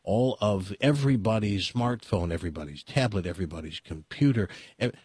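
A man's voice: lowish voice, brisk, a little mellow, slightly rough, no room sound, clean studio sound. A man with an American accent hosting a talk radio show, opinionated and rambling, with many restarts and fillers. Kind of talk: casual talk radio monologue. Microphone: studio microphone.

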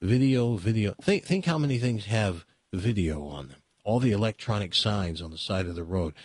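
An American man hosts a talk radio show, musing aloud in a casual, opinionated, rambling monologue full of restarts. His husky, fairly low voice is expressive, swinging up and down a lot at normal speed. It's recorded close and dry on a studio microphone with no echo.

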